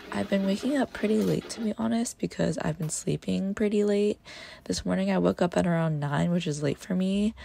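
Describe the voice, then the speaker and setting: A woman dietitian chatting through a casual day-in-the-life voice-over in a relaxed, self-deprecating way, her voice gravelly from just waking up. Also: lowish voice, slight background noise. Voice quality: gravelly morning voice. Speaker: dietitian vlogger.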